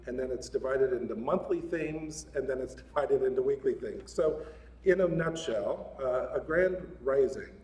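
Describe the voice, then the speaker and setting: A man's voice: medium pitch, darkish tone. A man giving a casual, joking sermon at a spiritual center, chatty and often laughing. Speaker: guest speaker at a spiritual center. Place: large hall of a spiritual center. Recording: echoey hall, mic at a distance, faint room noise.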